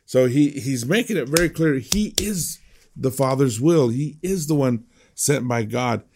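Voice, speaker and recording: A man's voice: medium pitch, expressive, measured pace, a little mellow. A man preaching a conversational sermon as a pastor, emphatic and prone to repeating words.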